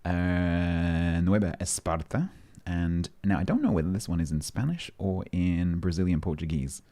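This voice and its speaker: A man's voice: sits low, moderate pace, dark tone. A man streaming a game, chatting casually with his chat and reading update notes aloud, breaking off to joke and answer questions.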